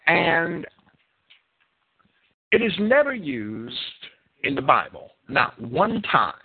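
Slow emphatic preacher with a New Jersey accent. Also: male voice, on the high side, gravelly, breathy edge. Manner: emphatic, deliberate, stretching key words. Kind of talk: bible teaching sermon. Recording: phone-like narrow sound.

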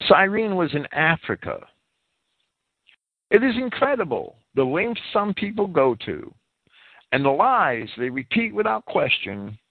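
A man delivers verse-by-verse scripture commentary in a lively, rising-and-falling voice. He talks deliberately and pauses to spell out words. The audio is thin and phone-like, with a dry, close sound. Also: mid-range voice, dry recording. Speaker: Bible commentator.

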